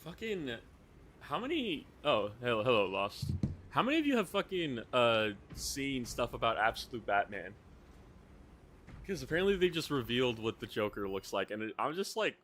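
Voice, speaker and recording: A man's voice: mid-range voice, big pitch swings, normal speed, fairly bright tone, slight background noise. A man streaming live, chatting casually while playing, rambling and swearing often.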